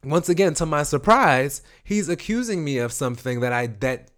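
Animated, profane New man. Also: on the high side, normal speed. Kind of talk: casual chat.

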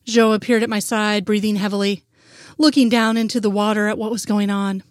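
A woman's voice: medium pitch, little pitch movement, fairly quick, no room sound, studio quality. A woman reading a fanfic aloud in first-person narration, with an earnest, emotional delivery.

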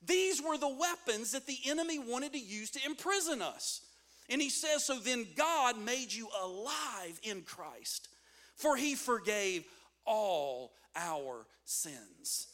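A man's voice: very high voice, lively intonation, slow pace, fairly bright tone. A man preaching a sermon as a pastor, reading scripture and building in intensity with call-and-response.

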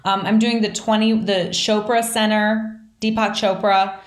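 A woman's voice: medium pitch, flat delivery, a little slow, echoey room. A woman hosting a podcast in casual chat, talking loosely with lots of fillers and self-deprecating asides. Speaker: podcast host.

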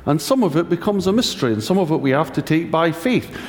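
A man's voice: a little high, expressive, quick pace. A man preaching a conversational sermon, wry and anecdotal with self-mocking humour. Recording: echoey hall reverb.

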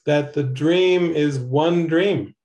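A man giving slow, earnest spiritual commentary on a TV episode as a teacher. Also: fairly high pitch, a little mellow.

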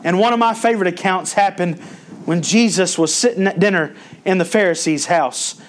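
A man's voice: high voice, moderate pace. A male pastor preaching a sermon, folksy and storytelling, rising in emphasis when he quotes scripture.

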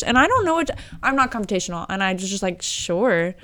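A young woman hosting a podcast, telling a story in a casual, animated way and laughing often. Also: on the high side, a little fast. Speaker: podcast host. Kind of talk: casual chat.

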